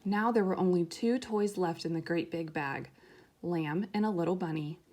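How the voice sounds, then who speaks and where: A woman reading a children's picture book aloud in a gentle, soft, unhurried way. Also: lowish voice. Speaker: storyteller.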